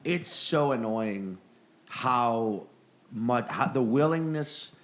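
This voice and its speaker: An American man co-hosts a podcast in relaxed conversation. His pitch rises and falls a lot, and he often stumbles and restarts before he laughs his way through a point. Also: slow pace. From United States. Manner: stammering restarts, laughing asides. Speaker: podcast co-host. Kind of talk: casual podcast chat.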